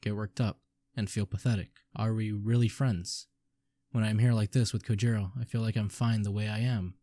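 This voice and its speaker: A man voicing a drunk young wanderer, rambling and laughing, in a lowish mellow voice. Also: steady tone, normal speed, no room sound, close to an everyday voice. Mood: drunk merry. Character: drunk young male wanderer, jolly and insecure.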